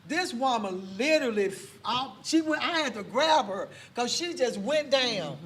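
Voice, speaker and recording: High-voiced woman telling a testimony. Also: moderate pace. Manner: lively storytelling with churchy exclamations and laughs. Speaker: talk show guest. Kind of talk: testimony in a casual chat. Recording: distant mic with faint background noise.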